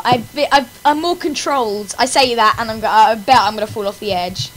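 A woman's voice: on the high side, fairly quick, fairly bright tone, poor audio. A woman hosting her gaming channel in casual gameplay commentary, melodramatically complaining about her failures with wails and laughter.

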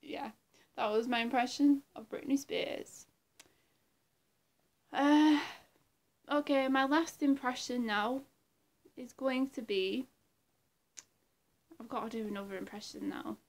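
A woman vlogger in casual chat with her viewers, rambling, giggly and prone to trailing off into soft murmurs. She has a throat infection, and her slow speech carries a gravelly fry over a slightly high pitch. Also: steady tone.

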